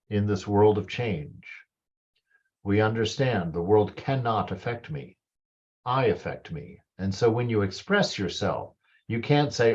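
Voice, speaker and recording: A man's voice: lowish voice, a little mellow, dull audio. A man giving a reflective spiritual talk about a book, musing in a conversational way and often saying "you know". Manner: conversational, musing, leans on 'you know'. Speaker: spiritual teacher.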